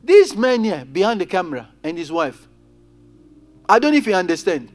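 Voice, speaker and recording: High-voiced man preaching a sermon. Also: sing-song, moderate pace, faint music behind. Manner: preaching with rising and falling intensity, addressing congregation directly. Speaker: pastor. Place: church.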